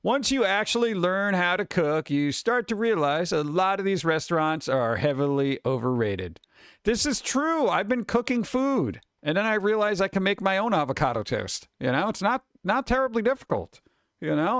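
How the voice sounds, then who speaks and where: A man hosting a casual live stream, reacting to news and jokes with sarcastic, lively asides. His voice sits somewhat high for a man. The sound is dry and close, with no room around it. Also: moderate pace, smooth, no echo. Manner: sarcastic, animated asides to viewers. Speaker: streamer reading news and memes.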